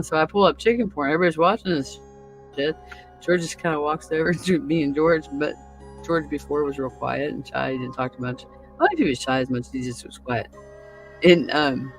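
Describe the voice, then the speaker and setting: A woman's voice: deep voice, rough recording. A woman hosting a casual chat show, telling crude stories with a laugh and acting out other people's lines. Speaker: podcast host.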